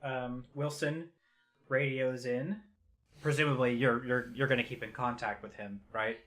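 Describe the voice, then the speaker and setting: A man's voice: mid-range voice, fairly even intonation, measured pace, a bit bright. A man narrating as game master of a tabletop game, easygoing with many fillers.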